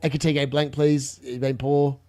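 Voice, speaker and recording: A young man hosting a live fantasy football watchalong, chatty and excitable as he reacts to scores. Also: medium pitch, moderate pace, no room sound. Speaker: fantasy football livestream host.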